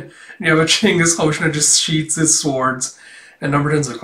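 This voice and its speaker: A man's voice: fairly high pitch, moderate pace, a bit bright. A man casually reading through a manga chapter and commenting, chuckling often and leaning on fillers as he quotes the dialogue. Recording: roomy, a bit distant from mic.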